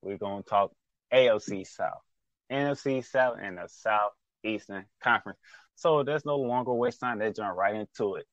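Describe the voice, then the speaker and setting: Man, sports podcast host, emphatic, lowish voice, dry dull lo-fi sound. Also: moderate pace, a bit bright, no room sound.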